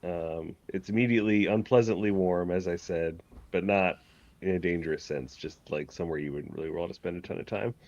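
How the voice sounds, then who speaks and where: A man's voice: sits low, fairly quick, darkish tone, no echo, muffled recording. A man narrating as game master of a tabletop game, rambling and correcting himself, often laughing.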